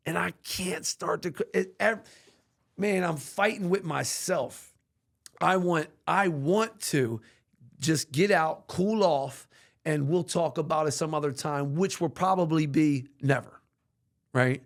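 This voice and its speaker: A man talking candidly as a podcast guest about his recovery, earnest and animated, with casual slang and cussing. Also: on the high side, normal speed, gravelly.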